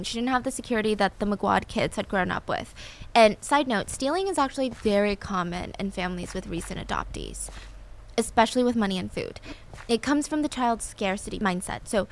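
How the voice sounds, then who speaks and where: Young woman chatting thru a story, animated, kinda noisy recording. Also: medium pitch. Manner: chatty, animated, acts out quotes. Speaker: storytelling video host. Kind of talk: casual storytelling commentary.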